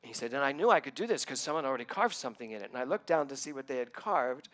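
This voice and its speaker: A middle-aged man, a minister, telling a personal story in a sermon, acting out what others said with lively ups and downs. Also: mid-range voice, rapid-fire. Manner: animated storytelling, acting out quoted voices.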